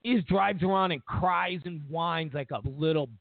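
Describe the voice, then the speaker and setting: A man's voice: fairly high pitch, normal speed, creaky, no echo. A man hosting a talk show, ranting in a profane, mocking way. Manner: profane, mocking, animated rants. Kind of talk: ranting commentary. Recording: dry tinny phone-like sound.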